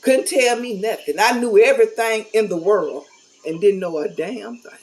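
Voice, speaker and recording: A woman's voice: mid-range voice, normal speed, a little mellow, low-quality recording. A middle-aged woman talking casually to camera, candid and blunt, with a folksy, preachy manner. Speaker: vlogger.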